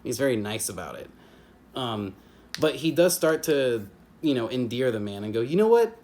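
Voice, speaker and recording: A man casually reviewing a book chapter at home, rambling with many fillers and restarts and slipping into quick character impressions. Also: medium pitch, animated, a little mellow. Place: home with family nearby.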